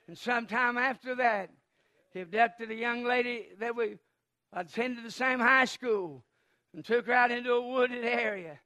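A man preaching a sermon, impassioned and swelling into shouts. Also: extremely high pitch.

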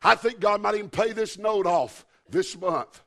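High gravelly preacher man. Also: moderate pace. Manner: builds to shouted preaching with "uh, uh" fillers. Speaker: pastor. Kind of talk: storytelling sermon.

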